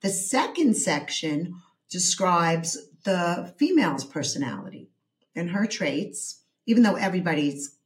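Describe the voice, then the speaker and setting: A woman therapist and author being interviewed, explaining her ideas in a measured way with some hesitations. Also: lowish voice, sing-song. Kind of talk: interview conversation.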